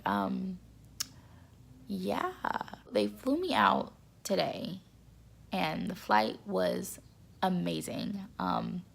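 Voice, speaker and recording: A young woman vlogging in a casual chat to camera, excitable and repetitive, with a stuffy nose. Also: mid-range voice, gravelly, slightly rough. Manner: chatty, excitable, repeats words for emphasis.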